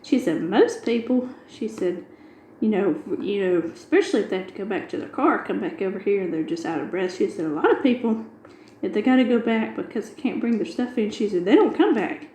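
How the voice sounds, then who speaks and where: A woman's voice: mid-range voice, expressive, a little fast, few pauses, warm tone, echoey room, slight background noise, poor audio. A middle-aged woman, chatting casually and retelling a long everyday story with quoted dialogue. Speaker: craft video host. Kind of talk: casual chat while diamond painting.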